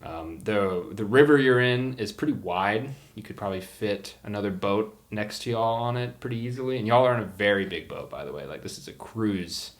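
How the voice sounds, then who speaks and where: A man's voice: fairly low pitch, fairly quick, few pauses. A man narrating a tabletop game as game master, casual and rambling, with lots of fillers.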